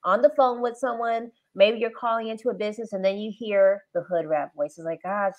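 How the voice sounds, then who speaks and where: A woman guest telling a story loudly in a casual panel chat. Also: medium pitch, brisk. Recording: muffled lo-fi audio.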